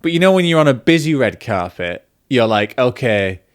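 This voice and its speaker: A man's voice: medium pitch, very animated, brisk, clear, resonant tone. A man, a film vlogger chatting casually and self-deprecatingly, drifting off on tangents. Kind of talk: casual chat.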